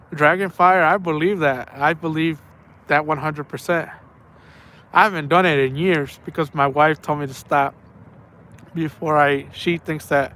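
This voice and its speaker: Man with a fairly high voice, rambling. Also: a bit bright. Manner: rambling and repetitive, with slang like "man" and "bro". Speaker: angler telling stories on a night fishing trip. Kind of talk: casual spoken storytelling. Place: outdoors by the water at night.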